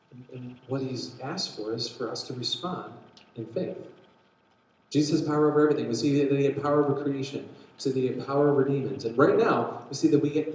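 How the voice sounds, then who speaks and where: Man, preacher, animated storytelling, acts out quotes, medium pitch, very echoey hall. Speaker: pastor. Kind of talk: sermon.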